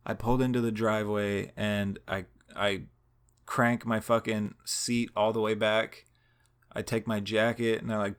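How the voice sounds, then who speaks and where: A man's voice: on the low side, fairly bright tone, clean tone. A man telling a long story in a casual, rambling and profane way, laughing now and then.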